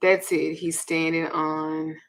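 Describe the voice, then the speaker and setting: A Southern woman chats casually on her livestream and tells a story bluntly, with plenty of cursing. She talks in an animated way, and her voice jumps loud now and then. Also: sits low, slow pace. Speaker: livestream host reading viewer comments.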